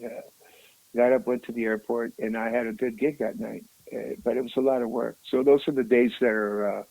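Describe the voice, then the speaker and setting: A man with a gravelly edge talks in a loose, animated way, telling a story as an interview guest. The sound is dry and close, with no room echo. He keeps dropping a friendly "man" as he goes. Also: mid-range voice. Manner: animated, emotional, says "man" often. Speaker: rock musician guest.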